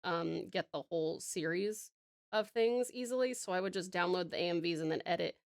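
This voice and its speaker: A woman's voice: lowish voice, a little fast, gravelly, no echo, clean studio sound. A woman in her thirties, a streamer chatting with viewers while she draws, rambling and giggling with lots of fillers. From Tasmania, Australia. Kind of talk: casual chat with viewers while drawing.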